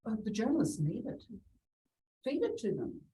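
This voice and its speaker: Her voice is fairly high with big pitch swings, warm, and moderately paced as this middle-aged real estate agent tells stories in a conversational interview. She laughs a lot, chats freely, and voices the people she quotes, all picked up from a distance.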